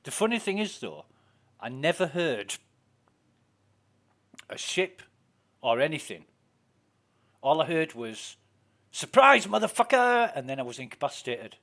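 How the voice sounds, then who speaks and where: A Yorkshire man rambling through a story as he plays, with plenty of cursing along the way. His voice sits at an ordinary middle pitch, and his delivery is loose and conversational. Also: animated, a little slow, long pauses. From Yorkshire, England. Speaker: game streamer. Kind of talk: casual chat while gaming.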